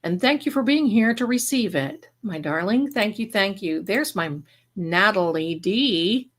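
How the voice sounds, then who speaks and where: Hosting a live stream as a spiritual reader, a woman reads out viewers' chat messages and lavishes endearments on them. She speaks unhurriedly in an expressive, mid-range voice, rambling effusively and frequently interrupting herself mid-thought.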